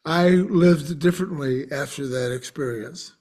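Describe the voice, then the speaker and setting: A man who is a podcast guest and author, telling a personal story in an earnest, animated way with frequent restarts. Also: fairly high pitch, a little slow.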